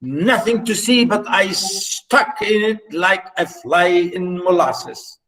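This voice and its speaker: A man's voice: high voice, animated, slow, pushed and bright, heavily acted, poor audio. A man reading as an angry ship's steward. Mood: exasperated. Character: angry male ship's steward cursing the ice.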